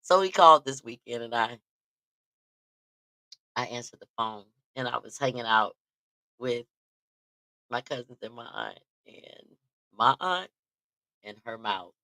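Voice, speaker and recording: A woman's voice: very deep voice, lively intonation, measured pace, pauses often, bright, forceful tone, no room sound. A woman hosting a casual talk show, telling stories with lots of animation and frequent laughter, talking straight to her listeners. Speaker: podcast host. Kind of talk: casual storytelling chat.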